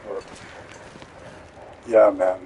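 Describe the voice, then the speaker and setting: A man's voice: deep voice, little pitch movement, very slow, warm tone, a little hiss or hum, poor audio. A man streaming a game, telling a rambling, profane story in a casual way. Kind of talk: casual storytelling while gaming.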